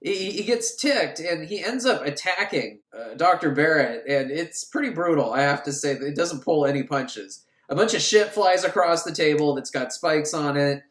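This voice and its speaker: A man recapping a film for laughs, crude and sarcastic, acting out the characters in shrill voices. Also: animated, moderate pace, few pauses, fairly bright tone. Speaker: podcast host recapping a film. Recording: echoey room.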